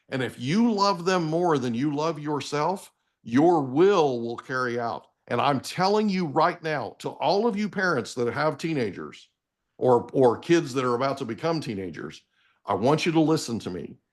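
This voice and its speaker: A man's voice: a little high, big pitch swings, unhurried. A man in his forties, a guest on a live interview, giving motivational parenting advice in an emphatic, preachy way and often checking in with "okay?". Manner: emphatic, preachy, addresses listeners directly with repeated "okay?".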